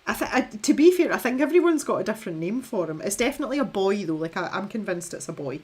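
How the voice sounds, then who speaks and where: A woman's voice: mid-range voice, very animated, quick pace, darkish tone, breathy edge. A young woman chatting in a rambling, self-deprecating way while she paints on a live stream, laughing often. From Scotland. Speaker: art streamer.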